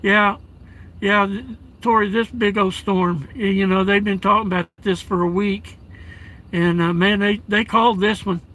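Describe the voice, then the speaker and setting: A man chats live from his vehicle, his voice high and bright. He reads viewers' comments aloud and calls them darling and brother. His talk is halting, full of restarts and soft fillers. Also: fairly even intonation, poor audio. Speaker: live streamer reading chat. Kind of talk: casual live stream chat. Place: inside a parked vehicle at home during a blizzard.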